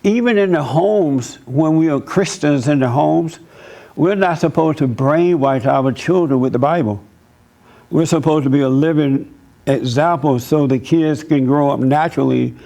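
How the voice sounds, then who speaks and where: A man giving a church talk as pastor, telling stories in an animated, preachy way. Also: a little high.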